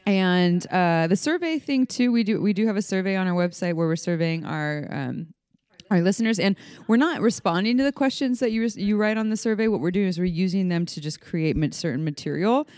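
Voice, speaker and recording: A woman co-hosting a casual podcast, chatty and quick to laugh, often restarting her words. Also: fairly low pitch, a little mellow, clean tone, no echo. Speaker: podcast co-host, sex educator.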